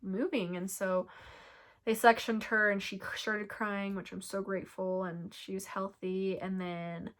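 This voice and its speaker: A woman's voice: medium pitch, fairly bright tone. A young woman telling her birth story to camera in a chatty, emotional way, full of filler words.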